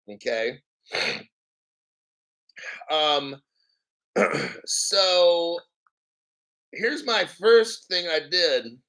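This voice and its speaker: A man hosting a crypto livestream, reading an article aloud with profane, sarcastic rambling asides and frequent throat-clearing. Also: fairly high pitch, pushed and bright, rough recording. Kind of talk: profane ranting commentary while reading an article.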